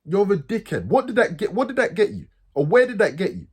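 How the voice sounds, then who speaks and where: A man, a football fan host, ranting furiously, swearing and repeating himself, his voice swinging from high outbursts to low mutters. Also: sing-song, fast talker, gravelly, breathy edge. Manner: pitch swings from loud highs to low mutters. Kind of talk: angry fan rant.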